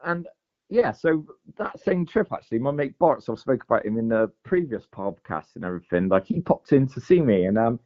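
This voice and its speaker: A man tells his story in an easygoing, rambling way, scattering fillers and "mate" through every sentence. His voice sits at an ordinary middle pitch. The podcast audio is muffled and lo-fi. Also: big pitch swings, moderate pace. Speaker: guest angler. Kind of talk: casual storytelling chat.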